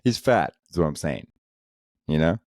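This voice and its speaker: Very deep-voiced man rambling on a podcast. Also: animated, normal speed, dry recording, studio quality. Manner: rambling, profane, joking. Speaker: podcast host. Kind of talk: casual solo podcast rambling.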